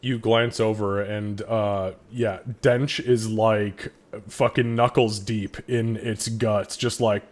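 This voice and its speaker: A man running a tabletop game as game master, loud, laughing easily and swearing a lot. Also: on the low side, little pitch movement, takes it slowly. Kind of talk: casual tabletop game narration.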